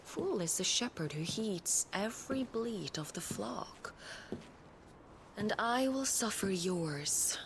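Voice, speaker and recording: A woman's voice: medium pitch, lively intonation, slow pace, noisy background. A woman voicing a scheming, mocking winged villainess in a game cutscene, speaking in a taunting, haughty way. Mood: menacing.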